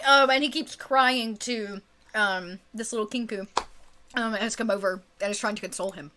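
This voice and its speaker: A woman's voice: on the high side, fairly even intonation, moderate pace, sharp tone, a little hiss or hum. A woman narrating as game master in a tabletop game, chatty and filler-laden. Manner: chatty, full of fillers and laughs.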